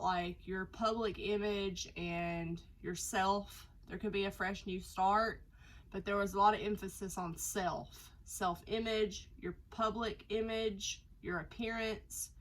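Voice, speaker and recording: Brief: woman tarot reader, congested nasal voice, relaxed rambling delivery, mid pitch. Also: rough recording. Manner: chatty, rambling, lots of fillers. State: nasal from a cold. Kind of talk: casual tarot reading to camera.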